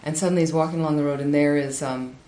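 A woman giving a Buddhist talk, telling a teaching story with lively, high-pitched acted quotes. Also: rapid-fire. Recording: echoey room with faint ambience.

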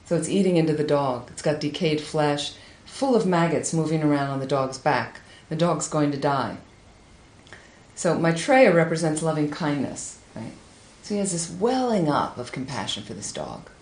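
Woman telling a dharma story in a roomy hall. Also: moderate pace. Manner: animated storytelling with high acted quotes. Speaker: Buddhist teacher. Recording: echoey room with faint ambience.

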